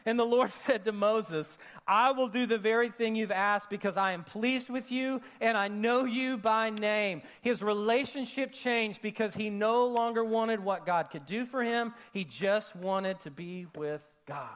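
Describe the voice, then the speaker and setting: A man preaching a sermon to a congregation, animated, acting out quoted voices and dropping to soft, intimate tones for emphasis. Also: high voice, a little slow, few pauses. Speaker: pastor. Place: church auditorium with a congregation.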